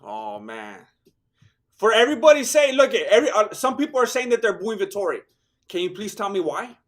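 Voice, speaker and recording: A high-pitched, hoarse man calls a fight live. His tired voice sounds worn out, but he stays excitable and joking and throws in Spanish slang. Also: a little fast. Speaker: fight watch-along host.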